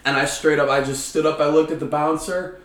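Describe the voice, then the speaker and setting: A man's voice: fairly high pitch, level tone, brisk, a bit bright. A man telling a rowdy story in casual, profane chat. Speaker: podcast host. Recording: echoey room.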